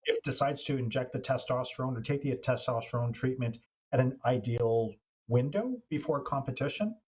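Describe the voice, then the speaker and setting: A man's voice: medium pitch, normal speed, darkish tone, slightly rough, dull audio. A man joining a live panel discussion, asserting and explaining his point.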